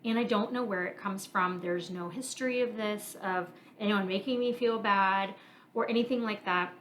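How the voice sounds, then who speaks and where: A woman in her thirties hosting a solo podcast, talking earnestly and reflectively, working through her feelings out loud with frequent fillers. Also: medium pitch, normal speed, slight background noise, rough recording. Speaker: podcast host. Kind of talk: candid solo podcast monologue.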